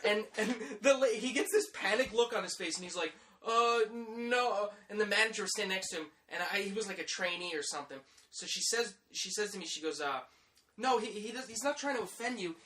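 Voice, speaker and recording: Podcast co-host, man, 30s, bright voice, profane and over-the-top, light background hiss. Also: sits high, animated, fast talker. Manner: vulgar, over-the-top ranting. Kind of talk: profane comedic rant.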